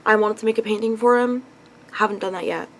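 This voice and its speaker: A woman's voice: medium pitch, fast talker, poor audio. Rambling frustrated young woman venting. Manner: rambling, frequent swearing, many "like" fillers. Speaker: vlogger. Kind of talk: casual confessional vlog rant. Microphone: phone.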